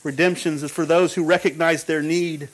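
Male pastor, high-pitched, emphatic repetitive preaching delivery. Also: steady tone, normal speed, poor audio. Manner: emphatic repetition, frequent restarts. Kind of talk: sermon.

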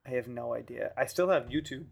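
A man with a gravelly, creaky voice banters as a podcast co-host. He jokes and laughs a lot, talking loosely with plenty of fillers. His pitch sits in the middle. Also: fairly quick. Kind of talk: casual chat.

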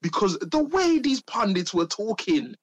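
A man's voice: sits high, unhurried, no room sound. A man in casual, teasing football banter with friends. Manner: animated, teasing, slangy. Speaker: podcast co-host.

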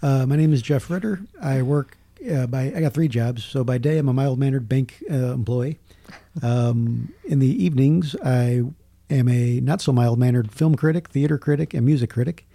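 Gravelly, dark-voiced man. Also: mid-range voice, moderate pace, no room sound. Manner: storytelling, jokey, lively asides. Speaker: podcast guest, film critic. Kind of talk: casual chat.

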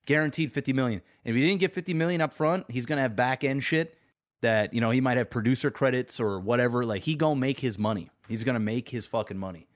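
Male podcast co-host, mid-pitched, laid-back and slangy, curses casually. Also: fast. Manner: laid-back, slangy, swears, many fillers. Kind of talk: casual chat.

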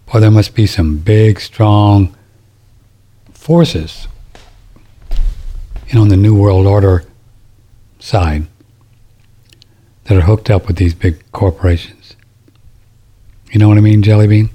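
A man's voice: fairly low pitch, fairly even intonation, slow pace, pauses often, warm tone. A middle-aged man hosting a talk radio show, rambling and indignant, often restarting his sentences. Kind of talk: casual talk radio monologue.

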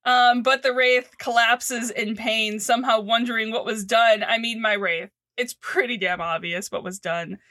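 Female podcast co-host, high and bright, lively storyteller with a salty tongue. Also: moderate pace, hardly any pauses, dry recording. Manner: animated storytelling, swearing, laughing often. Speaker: podcast co-host recapping a TV show. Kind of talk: casual chat.

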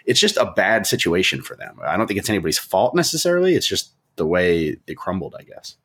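A man with a low, husky voice co-hosts a sports podcast in loose chat. His pitch rises and falls a lot, and he keeps slipping in dry, wry remarks. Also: very animated, quick pace, a bit bright. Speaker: podcast co-host. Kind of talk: casual chat.

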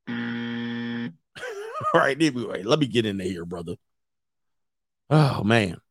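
A man's voice: on the low side, lively intonation, slow pace, husky, no echo, studio quality. A man hosting a casual livestream as a coach, joking crudely, laughing often and acting out other people as he tells stories. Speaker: host and dating coach.

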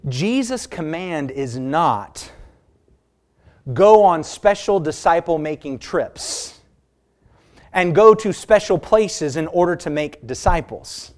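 A man preaching a sermon, emphatic, drawing out key words slowly and putting rhetorical questions to his listeners. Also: expressive. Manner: emphatic, stretches key words slowly and rises in pitch for stress; asks the congregation rhetorical questions.

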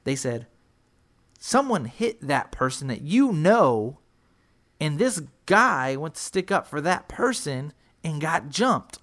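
A young man in his twenties from San Antonio, Texas, telling a wild story in casual, profane chat, jumping into loud, high quoted voices. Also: big pitch swings, slow.

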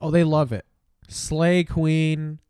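A man's voice: on the high side, flat delivery, slow pace, a little mellow, smooth, no room sound, clean studio sound. A man co-hosting a casual podcast chat, cracking blunt jokes and swearing casually. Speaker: podcast co-host. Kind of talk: casual chat while watching an awards show.

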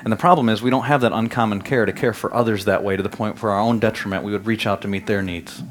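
A man in his thirties preaching a sermon as pastor, telling lively stories that climb loud and high. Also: fast, a little hiss or hum. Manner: animated storytelling, rising loud and high in anecdotes. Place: church sanctuary.

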